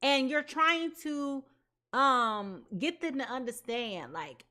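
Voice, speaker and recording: A woman's voice: high voice, expressive, slow pace, bright, forceful tone. A woman giving a live tarot reading, talking in an emphatic, repetitive way with casual slang. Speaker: tarot reader.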